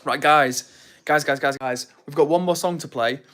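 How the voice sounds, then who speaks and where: A man's voice: a little high, normal speed. Upbeat guy reading livestream chat. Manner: upbeat, friendly, shouts out viewers by name. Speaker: livestream host.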